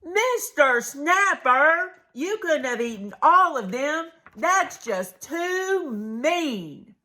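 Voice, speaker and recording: A woman voicing an excitable little male possum in a storybook reading, hollering in a high voice. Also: extremely slow, heavily acted. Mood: scared.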